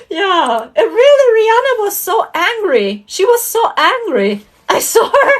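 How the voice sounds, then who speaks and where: A woman with a notably high voice talks in a casual, rambling monologue. Her pitch swings widely as she giggles through her story. She keeps an earnest, confiding tone throughout. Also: wildly swooping pitch, slow pace, hardly any pauses. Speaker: spiritual channel host. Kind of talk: casual monologue about dreams.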